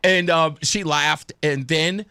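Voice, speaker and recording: A man's voice: fairly high pitch, takes it slowly, smooth, dry recording. A man hosting a talk radio show, telling a story casually and acting out the voices of the people in it. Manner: animated, acts out quoted voices.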